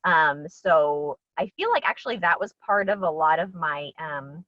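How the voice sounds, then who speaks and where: Chatty lowish-voiced actress on a lo-fi call. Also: female voice, expressive, measured pace, a bit bright, no room sound. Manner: chatty and bubbly, with frequent ums and laughs. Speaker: actress guest. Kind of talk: casual interview chat. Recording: dull, dry lo-fi audio.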